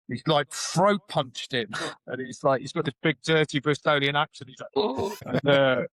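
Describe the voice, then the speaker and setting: On poor audio with no echo, a middle-aged man with a slightly high, fairly bright voice appears as a podcast guest. A former rugby hooker, he tells casual, candid stories, swearing freely and acting out what other people said.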